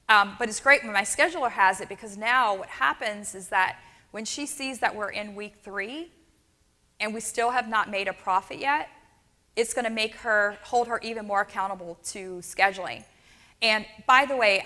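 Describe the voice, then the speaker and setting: A woman from New Orleans giving a keynote talk as a dental practice coach. She tells an energetic story and keeps checking in with the audience with "right?" and "okay?". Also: mid-range voice. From New Orleans, USA. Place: large hall on stage. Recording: long hall reverb.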